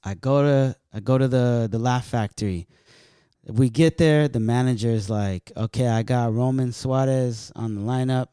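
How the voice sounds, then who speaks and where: A man's voice: mid-range voice, normal speed, clean tone, no room sound, clean studio sound. A man from California, a stand-up comedian, telling loose, profane stories in casual chat. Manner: loose, profane, animated storytelling.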